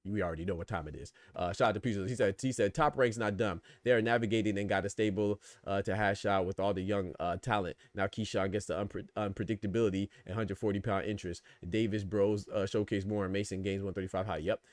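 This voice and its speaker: A man with a low voice talks quickly as a boxing podcast host, with energy and a string of rhetorical questions. The sound is dry and close, with no room echo. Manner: animated, rhetorical questions, reads chat comments. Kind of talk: casual live-stream commentary.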